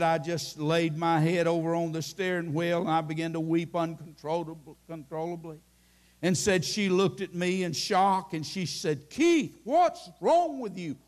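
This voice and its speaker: An older man preaching an impassioned sermon in a church, telling folksy stories and rising into shouts. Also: a little high. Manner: impassioned, climbing into shouting at the peaks; folksy storytelling with many restarts. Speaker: Baptist preacher.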